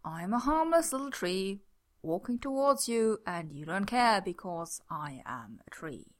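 A man's voice: sits high, sing-song, measured pace. A woman reading the lines of a grim, snappish man who mutters anxiously that he is a tree. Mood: grim grumbling. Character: panicky grumbling man pretending to be a tree.

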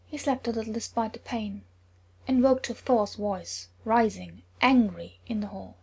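A woman reading a story aloud in a soft, often whispered narration. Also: fairly high pitch, unhurried. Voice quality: very breathy.

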